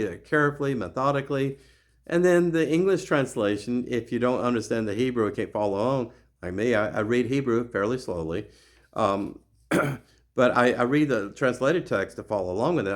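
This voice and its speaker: A middle-aged man hosting his own show, giving an impassioned religious monologue that is full of repeats and restarts. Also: mid-range voice. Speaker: show host.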